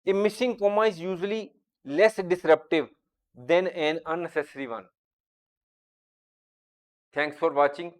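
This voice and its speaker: A man with a somewhat high voice teaches a grammar lesson. He talks deliberately and draws out each example sentence as he reads it aloud.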